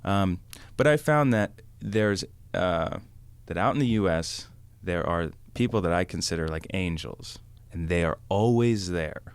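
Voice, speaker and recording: Brief: male podcast guest, deep voice, rambling anecdotal storyteller. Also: lively intonation, measured pace, hardly any pauses, clean tone, no room sound. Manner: rambling, lots of fillers and acted quotes. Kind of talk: casual storytelling.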